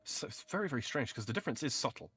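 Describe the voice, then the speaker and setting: Guest guy, low but bright punchy voice, chuckly, explains pronunciations, dry mic w faint music. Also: very animated, racing, husky, no echo. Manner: explains word sounds, chuckles often. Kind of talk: casual chat.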